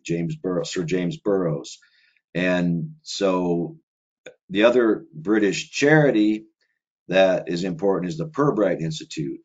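A man with a very low voice talks at length in a loose, conversational way. He strings thoughts together with fillers and restarts. The recording sounds slightly dull and lo-fi. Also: darkish tone. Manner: rambling, run-on delivery with many filler words. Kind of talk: casual conversational monologue.

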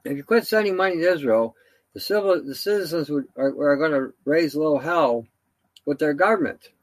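A man's voice: fairly high pitch, animated, fairly quick, no room sound. A man giving a rambling, indignant solo commentary, full of fillers and restarts.

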